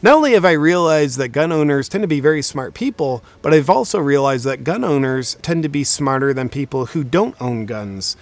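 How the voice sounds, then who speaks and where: A young man hosting a video, delivering a sarcastic comedic monologue in a deadpan, mock-serious way. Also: fairly high pitch, a little fast, few pauses. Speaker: video host.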